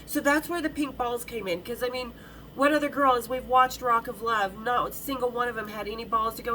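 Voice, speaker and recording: A woman's voice: fairly high pitch, normal speed, sharp tone, slight background noise, rough recording. A middle-aged woman hosting a podcast, telling a story in a frank, bawdy, chatty way with many restarts. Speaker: podcast host.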